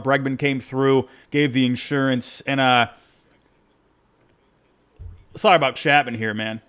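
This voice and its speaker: A man hosting a postgame baseball reaction show, talking in an excitable, rambling way that keeps breaking off and restarting. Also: medium pitch. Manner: excitable, rambling, self-interrupting. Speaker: podcast host.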